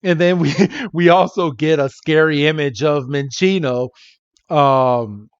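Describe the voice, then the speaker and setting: A man's voice: mid-range voice, clean tone, dry recording, muffled recording. A man co-hosting a podcast, recapping a cartoon episode in casual chat and briefly mimicking the characters as he goes. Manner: animated retelling with quick impressions of characters. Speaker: podcast co-host.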